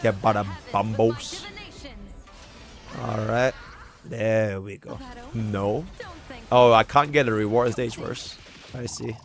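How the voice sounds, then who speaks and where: A man's voice: fairly low pitch, steady tone, slow, long pauses, faint music behind. A young man with a Singaporean English accent doing casual, slangy, profane live commentary while playing a game and talking to his chat. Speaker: streamer.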